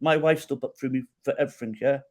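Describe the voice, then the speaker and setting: A man's voice: medium pitch, steady tone, fast talker, a little mellow. A middle-aged man telling his own story as a podcast guest, acting out quoted dialogue and often checking in with the host. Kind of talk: storytelling in an interview.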